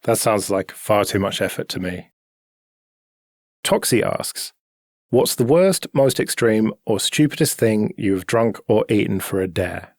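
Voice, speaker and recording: A man with a fairly low voice chats in a relaxed, matter-of-fact way. He is recorded dry and close. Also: a little slow, no echo. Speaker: podcast host. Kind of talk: casual chat.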